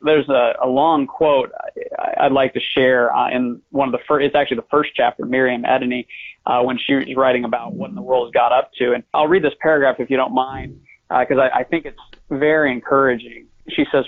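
American man, gravelly, earnest and measured, phone-quality audio. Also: mid-range voice, flat delivery. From United States. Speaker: guest author. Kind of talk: conversational interview. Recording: tinny phone-line audio.

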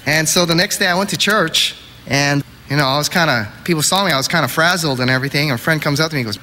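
A middle-aged man from Hawaii preaching a storytelling sermon in an animated way, acting out quotes and sound effects. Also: medium pitch, quick pace. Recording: reverberant hall, faint noise.

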